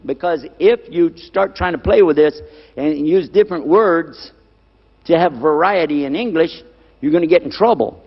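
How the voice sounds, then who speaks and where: A man preaching on scripture to a live audience, stressing key words again and again and asking his listeners questions. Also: a little high. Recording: dull lo-fi recording with long hall reverb.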